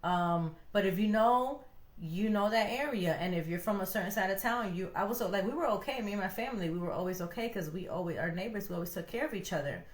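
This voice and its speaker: A woman's voice: mid-range voice, quick pace. A young woman from Connecticut co-hosting a podcast, giving casual relationship advice and acting out quoted voices as she talks. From Connecticut, USA. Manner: animated, acts out quoted voices. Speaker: podcast co-host. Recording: echoey room.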